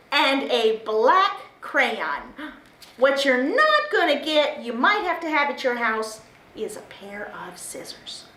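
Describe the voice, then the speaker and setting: A woman librarian with a high, bouncy voice leads children through a craft, taking her time over each step. Her cheerful, sing-song delivery is made for small kids. The sound carries a roomy echo, with a faint hiss underneath. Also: fairly bright tone. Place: library room.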